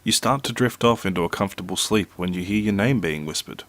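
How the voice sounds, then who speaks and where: Low-voiced man reading scary stories. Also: quick pace, fairly bright tone, no room sound. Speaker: narrator.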